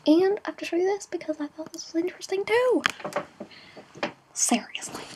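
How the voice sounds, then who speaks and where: A young woman chatting casually in a travel vlog, giggly and playful with quick asides. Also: extremely high pitch, background noise. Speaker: vlogger.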